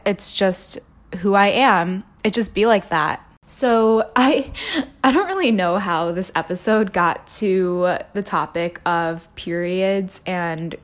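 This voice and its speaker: A woman in her twenties hosting a casual solo podcast, candid and chatty, laughing often and swearing freely. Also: mid-range voice. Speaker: podcast host.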